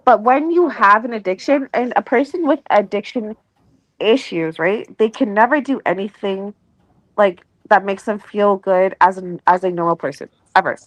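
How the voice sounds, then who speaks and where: A woman's voice: mid-range voice, moderate pace, no room sound. Female co-host with a stutter; casual chat, dry sound. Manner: stutters, restarts words.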